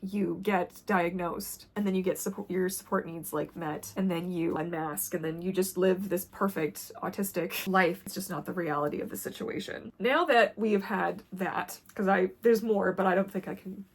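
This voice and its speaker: A woman vlogger talking candidly to camera in a blunt, intense way that drops to quiet when the subject gets heavy. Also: fairly low pitch, fairly even intonation, moderate pace, few pauses, husky.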